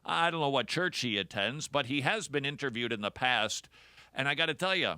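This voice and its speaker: A man's voice: medium pitch, expressive, brisk, bright, forceful tone, smooth, dry recording. A man hosting a radio talk show, delivering a sarcastic, jokey monologue. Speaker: host.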